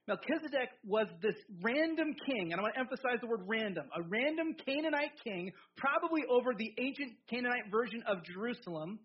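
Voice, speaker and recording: A man preaching a sermon in a lively, conversational way, with jokes and asides to the congregation. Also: extremely high pitch, highs cut off. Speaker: pastor.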